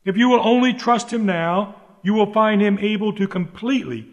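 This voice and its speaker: A man's voice: high voice, normal speed, highs cut off. A man preaching a sermon, earnest and emphatic, pleading with the listeners and repeating his key phrases. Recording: long hall reverb.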